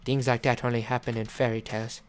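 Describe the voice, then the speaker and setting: A man's voice: mid-range voice, flat delivery, fast, noisy background. A man giving casual commentary on his survival game, rambling with fillers and melodramatic mock apologies. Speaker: gameplay commentator. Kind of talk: casual let's-play commentary. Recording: game music playing behind. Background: game background music.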